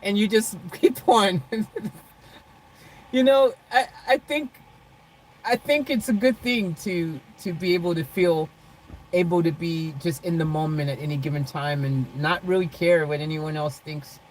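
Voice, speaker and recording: A woman's voice: lowish voice, fairly even intonation, unhurried, a little hiss or hum, rough recording. A woman vlogging live from her car, chatting loosely with viewers by name, laughing often and rambling. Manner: loose, rambling, says "freaking" a lot. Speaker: vlogger reading live chat. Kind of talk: casual live-stream chat. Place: parked car.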